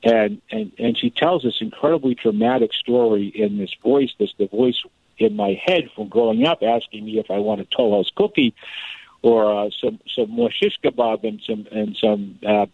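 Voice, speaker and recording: Gravelly man on a tinny phone line. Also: medium pitch, normal speed, dry recording. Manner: animated, repeats words while telling a story. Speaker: guest author. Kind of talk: storytelling in a radio interview.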